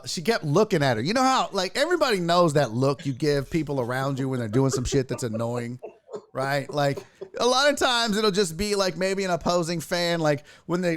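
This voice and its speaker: A man's voice: a little high, smooth. A man hosting a sports talk show, telling stories in casual chat, acting out quotes and swearing freely. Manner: animated storyteller, acts out quotes, swears freely. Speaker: show host.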